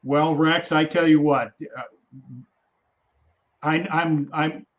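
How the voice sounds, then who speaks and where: Halting male podcast host, lo-fi sound. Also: a little high, steady tone. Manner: halting, conversational, with many restarts. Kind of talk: casual interview chat.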